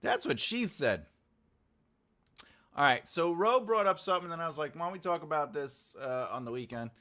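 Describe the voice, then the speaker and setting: Lively, rambling male writing teacher. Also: a little high, normal speed. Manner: jokey, rambling, many filler sounds; answers live chat comments aloud. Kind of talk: casual live-stream class chat.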